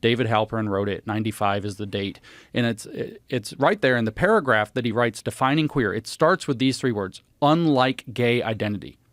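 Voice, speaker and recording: A man talking as a podcast guest, explaining ideas emphatically and citing sources in animated conversation. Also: medium pitch, brisk, dry recording, clean studio sound.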